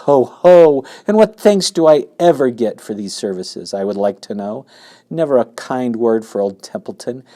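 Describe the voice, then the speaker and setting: A man's voice: mid-range voice, expressive, normal speed, warm tone, close to an everyday voice. Lazy grumbling rat, sarcastic and mocking, read by a male narrator.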